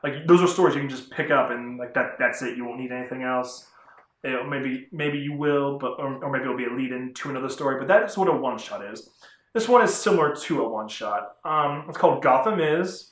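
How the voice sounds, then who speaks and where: A man's voice: medium pitch, fairly quick, a bit bright. Chatty man in a roomy echo. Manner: rambling, chatty, self-correcting. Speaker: comic book reviewer. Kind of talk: casual vlog review.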